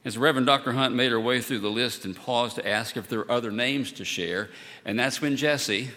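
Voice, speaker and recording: A man preaching a sermon as pastor, measured and solemn, leaning on emphatic repetition, in a church sanctuary. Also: medium pitch, bright, forceful tone. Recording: long church hall reverb.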